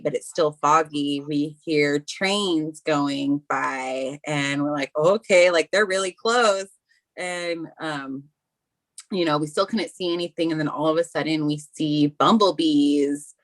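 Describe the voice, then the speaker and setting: A woman on a panel telling a story in a relaxed, casual way, with many likes and you knows. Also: sits low. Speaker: panelist, canoe paddler.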